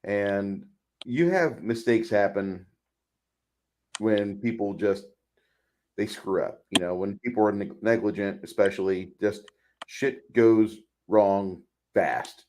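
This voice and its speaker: A man's voice: on the low side, slow pace, a little mellow. A man co-hosting a podcast, chatting casually about a film, repeating words and acting out lines. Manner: rambling, repeats words, acts out quotes. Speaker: podcast co-host. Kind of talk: casual movie chat.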